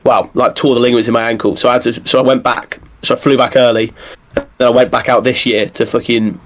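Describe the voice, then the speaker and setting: A man talking quickly and loosely on a podcast. His stories spill out with plenty of fillers and false starts, in a mid-pitched voice. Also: little pitch movement. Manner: rapid, rambling storytelling with lots of fillers and restarts. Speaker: podcast guest. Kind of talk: casual chat.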